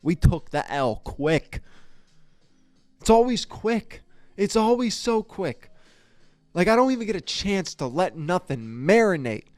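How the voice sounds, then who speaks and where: A podcast host's high, sing-song voice comes through a little slow and with long pauses as he casually reviews a fight. Recorded dry in a podcast studio, the man is exasperated and profane, stammering and beginning his sentences again.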